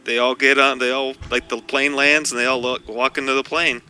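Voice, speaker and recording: A man's voice: medium pitch, little pitch movement, fairly quick, bright, forceful tone, faint music behind. A man playing a character in a tabletop role-playing game, talking casually and rambling with "like" fillers. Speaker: player.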